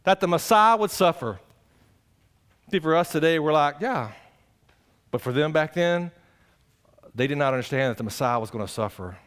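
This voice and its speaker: A male pastor preaching a conversational sermon, swinging between loud exclamations and quiet asides. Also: fairly high pitch, animated, normal speed, long pauses, clean tone.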